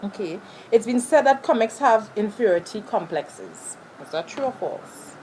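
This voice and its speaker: A woman's voice: mid-range voice, expressive, moderate pace, darkish tone, a little hiss or hum. A woman interviewing for a school project, reading out set questions.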